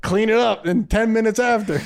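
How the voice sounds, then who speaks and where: A man co-hosting a crude comedy podcast in casual chat, telling stories loudly and jumping into put-on voices for punchlines. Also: high-pitched, normal speed, creaky. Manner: loud joking storyteller, often shouts punchlines in put-on voices. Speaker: podcast co-host.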